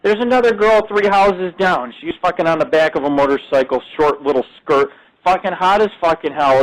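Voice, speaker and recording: Brash male host, profane and boastful, voice sits a bit high. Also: a little fast, low-quality recording. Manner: loud, crude, boastful storytelling. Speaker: radio show host. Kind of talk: rambling profane casual talk. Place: home studio.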